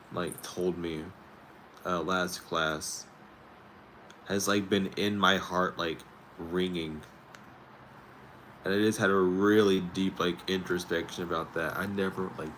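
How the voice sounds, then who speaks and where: A man hosting a spiritual talk stream, rambling casually with many fillers and pauses. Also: sits low, a bit bright, slight background noise. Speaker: tarot stream host.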